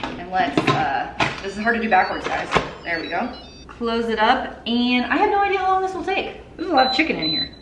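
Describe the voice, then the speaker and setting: A woman's voice: on the high side, expressive, a little fast, very noisy. A woman in her thirties, a mother chatting casually to viewers as she cooks in her home kitchen. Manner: chatty and upbeat, talks to viewers while cooking. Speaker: cooking vlogger, mother. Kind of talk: casual cook-along chat. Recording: echoey kitchen room.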